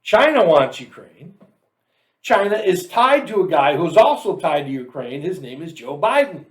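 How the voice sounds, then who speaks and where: A male show host delivers a political commentary monologue in a high voice that swings widely in pitch. He reads facts aloud in a mocking, sarcastic tone. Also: very animated, moderate pace.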